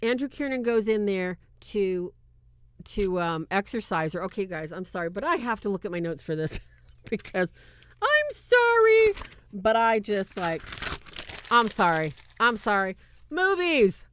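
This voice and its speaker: A woman hosting a casual movie review, talking in an animated, incredulous way and often breaking into laughter. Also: medium pitch, normal speed, clean tone. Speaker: video host.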